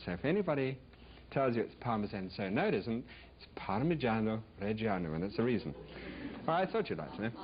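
A man's voice: lowish voice, sing-song, fairly quick, slight background noise. Jokey man hosting a vintage cooking show. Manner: jokey, rambling storyteller with playful asides. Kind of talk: chatty studio cooking demonstration. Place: TV studio kitchen with a live audience. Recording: dull lo-fi vintage TV recording.

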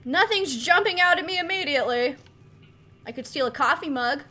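A woman's voice: high voice, animated, fairly quick, sharp tone. A woman hosting a game playthrough, playful and goofy in her commentary. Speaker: gaming video host. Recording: voice over game music.

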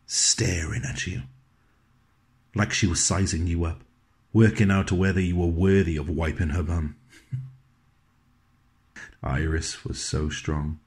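Deep-voiced man telling a monologue. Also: a little mellow. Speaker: actor performing a monologue. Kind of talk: scripted dramatic monologue.

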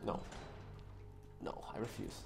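A young man co-hosting a co-op game session, excitable and teasing, swearing freely in slang-heavy banter. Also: takes it slowly, soft background music. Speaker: gaming channel co-host. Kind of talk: casual co-op let's play banter.

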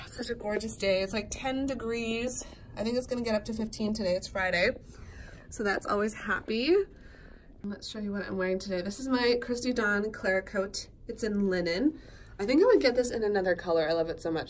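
A woman's voice: mid-range voice, slight background noise. A young woman chatting casually to camera in a travel vlog, bubbly and gushing, a little stuffed up with a cold. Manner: bubbly, gushing, many fillers and laughs. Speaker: vlogger. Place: hotel room and city streets.

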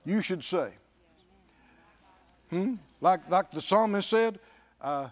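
In this sermon, a male pastor with a high, swooping, expressive voice speaks with emphasis, repeating phrases for effect and quoting scripture regularly. His pace is slow, with long pauses.

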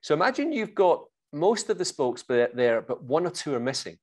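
A man, a guest coach giving sales advice in an interview, confident and energetic, explaining through examples. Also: fairly high pitch, moderate pace.

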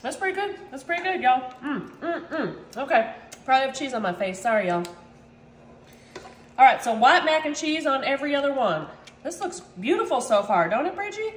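Chatty high-voiced woman cooking. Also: sing-song, brisk, echoey room, a little hiss or hum. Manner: chatty, playful, self-mocking, keeps saying y'all. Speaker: cooking vlog host. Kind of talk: casual cooking chat to viewers. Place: home kitchen.

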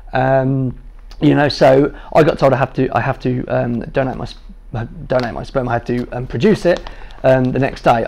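As a guest speaker, a man in his thirties tells a training group about his experience as a patient, mocking himself lightly and finding humor in it all. His voice is slightly high and gravelly, with a darkish tone.

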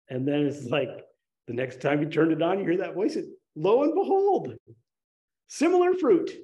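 Lively, mellow-voiced man giving a dharma talk. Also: mid-range voice. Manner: conversational, animated storytelling with sudden excited rises. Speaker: meditation teacher.

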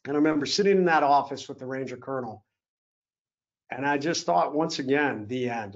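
A man's voice: medium pitch, brisk. Earnest man telling a story. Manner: earnest, acts out quoted officers. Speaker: keynote speaker. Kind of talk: motivational storytelling talk. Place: event hall. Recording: slightly dull lo-fi sound.

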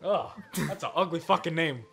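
A man giving casual let's-play commentary, excitable, with profane outbursts. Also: fairly high pitch, normal speed, creaky, faint music behind. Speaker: gaming channel host.

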